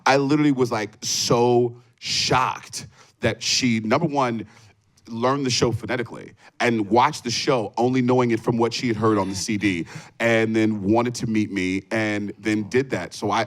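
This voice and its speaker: A stage actor on a panel, telling a fan story in an easygoing, chatty way. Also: male voice, fairly low pitch. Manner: easygoing, chatty, many fillers. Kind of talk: relaxed anecdote.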